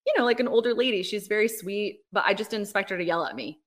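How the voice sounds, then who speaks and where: A woman, a ministry leader, talking casually as a podcast guest, telling a personal faith story in an animated way with lots of "like" and "right?". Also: mid-range voice, fast talker. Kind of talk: casual interview, personal testimony.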